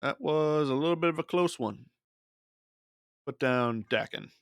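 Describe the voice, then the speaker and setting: A man's voice: on the high side, unhurried, smooth, no echo, clean studio sound. A man casually talking himself through a digital card game as a streamer, muttering his moves and thoughts. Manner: muttering thoughts while playing. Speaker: gaming streamer. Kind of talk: casual gameplay commentary.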